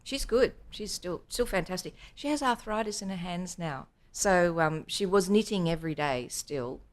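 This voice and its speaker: Woman, middle-aged, low voice, animated storyteller guest. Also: normal speed. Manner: animated storyteller who acts out quotes. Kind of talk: podcast interview storytelling.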